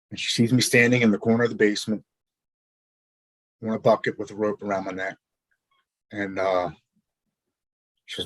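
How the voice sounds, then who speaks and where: A man, a podcast guest, telling his own story in an earnest, halting way, often repeating words as he goes. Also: on the low side, no echo, poor audio. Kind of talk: personal storytelling.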